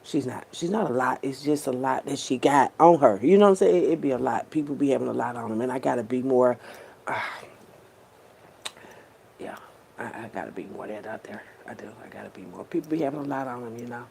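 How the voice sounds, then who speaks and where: A woman's voice: extremely low pitch, fairly quick, creaky, darkish tone, slight background noise. A woman speaking straight to her viewers in a heartfelt, unscripted monologue, repeating herself often and using heavy slang and swearing. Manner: repetitive, slangy and profane, addressing viewers directly. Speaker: vlogger.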